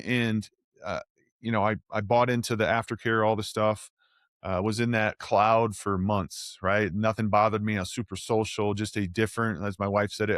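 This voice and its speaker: A man's voice: mid-range voice, clear, resonant tone, no room sound, studio quality. A man in his forties, a guest, telling his story in a casual interview and acting out the voices he quotes. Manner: animated storyteller who acts out quoted voices. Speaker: guest, former NFL offensive lineman.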